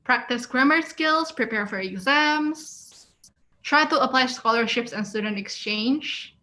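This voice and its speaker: A woman's voice: high-pitched, unhurried, bright, forceful tone. A woman giving an encouraging webinar talk as guest speaker, reading out and answering audience responses. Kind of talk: webinar presentation.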